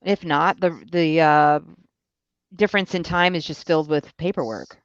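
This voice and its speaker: This co-host has a wry, teasing way of talking and lets their voice trail into quiet asides. Their sound is dull and lo-fi, yet dry and close to the mic, with no room around it. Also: medium pitch, steady tone, moderate pace, smooth, no echo. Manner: wry, asks teasing questions, soft asides. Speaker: podcast co-host. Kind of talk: casual commentary chat. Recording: dull lo-fi recording.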